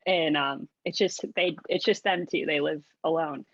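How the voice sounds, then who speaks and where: A woman's voice: low-pitched, moderate pace, no echo. A woman on a podcast, chatting and telling stories in a casual way. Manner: chatty storytelling. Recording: dull dry lo-fi audio.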